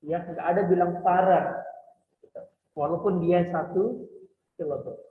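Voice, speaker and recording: High-voiced teacher in an echoey hall. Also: male voice, steady tone, a little slow. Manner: switches between English and Indonesian, asks students questions. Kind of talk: classroom explanation. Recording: echoey hall over a tinny line.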